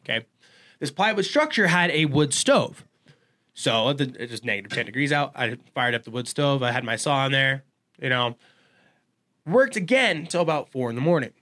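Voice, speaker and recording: A man telling a wild story in casual chat, profane and animated, swearing freely. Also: medium pitch, normal speed. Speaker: podcast guest.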